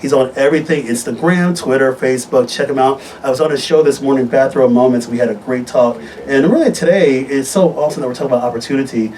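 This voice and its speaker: Male physician host, upbeat and animated, heard from a distance with faint noise behind him. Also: quick pace, hardly any pauses. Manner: upbeat, animated storytelling with wide pitch swings. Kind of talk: live radio health talk show. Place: radio studio.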